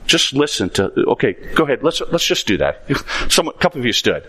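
A male pastor preaching a sermon with dramatic, animated storytelling and rhetorical questions. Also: medium pitch, fast talker, breathy edge.

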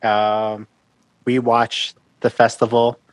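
A man from Colorado chats as a guest musician on a podcast in a mid-pitched voice. He sounds friendly and talkative, with lots of fillers. The recording is dry and close. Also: monotone, slow, dry recording. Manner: friendly, chatty, hesitant fillers. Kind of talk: casual interview chat.

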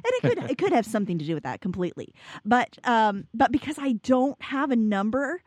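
A woman's voice: a little high, big pitch swings, brisk, darkish tone, no echo. Candid woman with a lilt. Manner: candid, rambling, self-correcting with restarts and laughs. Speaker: business owner guest. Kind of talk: casual podcast chat.

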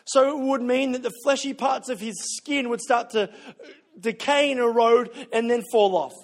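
High-voiced man preaching a conversational sermon. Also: moderate pace. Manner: conversational storytelling, self-deprecating, repeats words when searching. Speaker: pastor.

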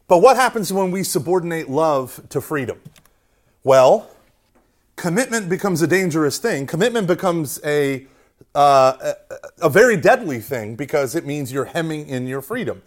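A man giving an animated, conversational preaching talk to a young audience, often asking "right?" and poking fun at himself. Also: a little high, normal speed. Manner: conversational, keeps asking "right?", self-mocking humor, acts out quotes. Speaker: speaker at a Catholic youth talk.

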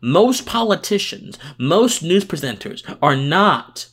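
A man's voice: a little high, very animated, takes it slowly, fairly bright tone, slightly rough. A tired man hosting a political podcast, giving passionate commentary with emphatic restarts and repeated words.

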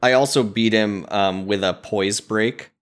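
A man who is a father, co-hosting a casual gaming podcast and telling relaxed, keen stories about his play. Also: on the low side, unhurried. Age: adult, a parent. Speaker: podcast co-host.

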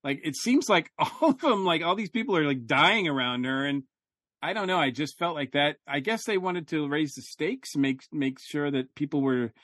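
A man's voice: on the high side, animated, normal speed, fairly bright tone, dry recording, studio quality. Rambling man in casual review chat. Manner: rambling, many fillers and restarts. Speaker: podcast co-host.

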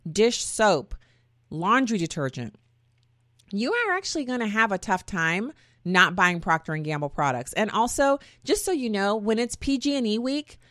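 A woman's voice: mid-range voice, a bit bright, no echo, clean studio sound. A woman hosting her own talk show, chatty and folksy, often wandering off on tangents. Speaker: podcast host. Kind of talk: casual opinion talk.

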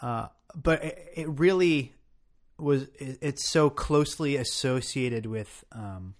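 A man's voice: medium pitch, slow pace. A man co-hosting a casual podcast discussion, thoughtful and often restarting his sentences. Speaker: podcast co-host.

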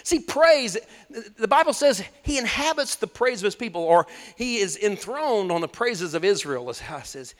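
A man preaching a sermon, swinging between loud bursts and hushed, close passages. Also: high voice, very animated, normal speed, in a large hall.

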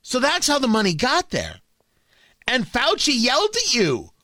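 A high-pitched, lively male radio host tears into his subject with sarcasm and rhetorical questions. His voice is bright and pointed, recorded dry and close in a studio. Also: moderate pace, no room sound. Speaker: radio talk show host. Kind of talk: opinionated political talk radio monologue.

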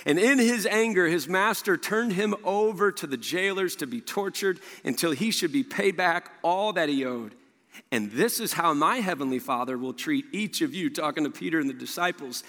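A man preaching a sermon, animated, often acting out what the people in the story say. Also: high voice, normal speed. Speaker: pastor. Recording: reverberant hall.

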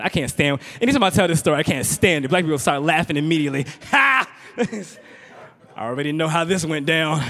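A stand-up comedian from Virginia, speaking at an average pitch. He tells his story conversationally and keeps checking in with the crowd. His voice rings out with the long reverb of a performance hall. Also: a bit bright. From Richmond, Virginia. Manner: conversational, teasing the audience with frequent "right?". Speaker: comedian and spoken-word poet. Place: stage in a hall.

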